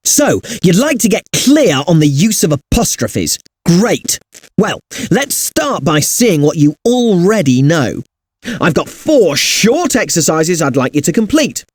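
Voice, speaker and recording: A chatty, lively punctuation tutor. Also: male voice, high voice, unhurried, no echo, heavily acted. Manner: upbeat, chatty, addressing the user directly. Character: friendly upbeat male punctuation tutor. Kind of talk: scripted educational software presenting.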